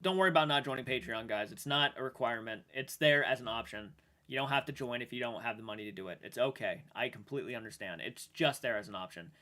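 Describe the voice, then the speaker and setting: A man streaming live and chatting with viewers, emotional and halting, restarting sentences and swearing now and then while sounding shaken. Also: medium pitch, bright, forceful tone. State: shaken and upset. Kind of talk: livestream chat with viewers.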